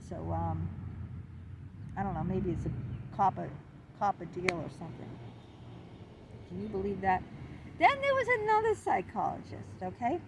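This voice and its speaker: A middle-aged woman vlogger telling a personal story in an indignant, animated, exclaiming way. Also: medium pitch, moderate pace, long pauses, background noise. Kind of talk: confessional storytelling to camera.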